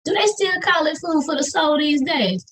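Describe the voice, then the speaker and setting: Her high-pitched, slightly bright voice moving at normal speed, a Southern American poet delivers her spoken-word work on a video call, rhythmic, emphatic and full of Southern slang. The audio is poor.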